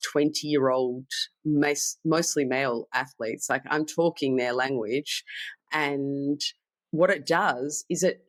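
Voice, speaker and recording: A woman's voice: sits low, dry recording. Woman coach acting out inner thoughts. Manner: animated, acts out inner monologue in quoted asides. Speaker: mindfulness coach. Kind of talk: podcast interview explanation.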